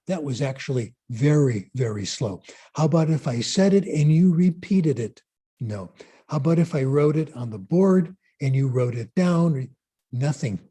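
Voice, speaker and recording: Conference speaker, male: unhurried, mellow voice, lectures by posing and answering his own questions. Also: fairly high pitch, breathy edge. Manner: asks rhetorical questions and answers them. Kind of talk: lecture on language learning.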